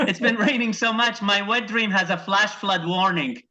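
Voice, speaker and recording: A man from Iraq doing a stand-up set over a video call, telling deadpan one-liners and acting out his wife and his dog. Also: high-pitched, moderate pace, faint music behind. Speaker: stand-up comedian. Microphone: video call microphone. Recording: dull lo-fi video call audio.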